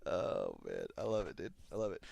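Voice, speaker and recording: A man's voice: low-pitched, normal speed, creaky, slightly rough, no room sound, studio quality. A young man from the US South co-hosting a casual podcast, talking bluntly with plenty of profanity. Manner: blunt, profane, animated ranting. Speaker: podcast co-host.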